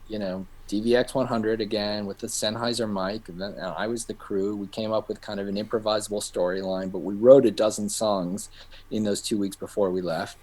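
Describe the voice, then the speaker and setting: Middle-aged guy on a podcast spinning a yarn, lowish voice, acts out the people in it. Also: a little fast. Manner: animated storyteller who acts out quoted voices. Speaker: guest filmmaker. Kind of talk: casual anecdote telling.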